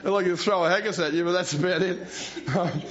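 A pastor in his sixties with a high voice preaches at normal speed, and the recording is dull and lo-fi. His sermon rambles and mocks himself, with chuckles between phrases.

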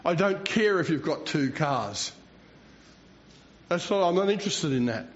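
High-voiced older pastor. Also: male voice, lively intonation, a little slow. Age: 60s. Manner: rambling, self-mocking, chuckles between phrases. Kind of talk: sermon. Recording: dull lo-fi recording.

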